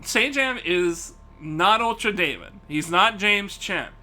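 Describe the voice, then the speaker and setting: A male streamer with a high, bright voice that swings widely in pitch. He rants to his live chat in a profane, animated way and keeps breaking into laughter. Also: slow. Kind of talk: casual live-stream rant.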